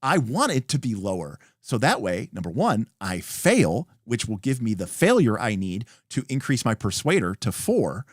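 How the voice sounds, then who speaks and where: A man's voice: lowish voice, moderate pace, few pauses, husky, no echo, studio quality. A man hosting a livestream, casually explaining tabletop game rules and acting out examples, with many fillers. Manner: animated, acts out example dialogue, many fillers.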